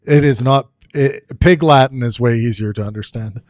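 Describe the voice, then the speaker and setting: A man from Canada hosts a live online debate chat in a playful, joking manner. His voice sits at a middling pitch. The sound is dry and close. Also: moderate pace, a little mellow, no room sound. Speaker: host.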